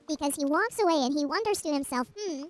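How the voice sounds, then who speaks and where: A woman's voice: sits high, lively intonation, quick pace, slight background noise, rough recording. A woman streamer casually retelling a myth while gaming, rambling with asides and restarts.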